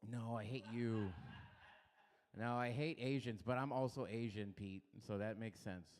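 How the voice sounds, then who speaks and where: A man's voice: medium pitch, unhurried, a little mellow. A young man doing a rambling, self-deprecating stand-up set in a small comedy club. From Los Angeles area.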